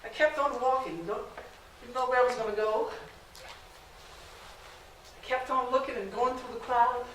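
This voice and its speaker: A woman's voice: fairly high pitch, normal speed, a bit bright, a little hiss or hum, close to an everyday voice. A woman playing a devout, determined formerly enslaved mother who tells her own story in an emotional first-person stage monologue. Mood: weary. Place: large echoey library room. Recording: echoey room from far off.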